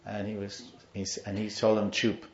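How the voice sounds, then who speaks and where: A man with a low voice tells devotional stories in a lecture, acting out the people in them. The recording is muffled and sounds roomy. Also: brisk. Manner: animated storyteller, acts out the people in his story. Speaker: spiritual teacher.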